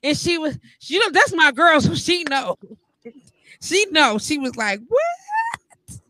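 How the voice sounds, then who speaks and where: Woman co-host, high bright voice, dry close sound, animated storyteller who laughs a lot. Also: measured pace, no room sound, low-quality recording. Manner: animated, laughs often, acts out quoted voices. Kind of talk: casual storytelling chat.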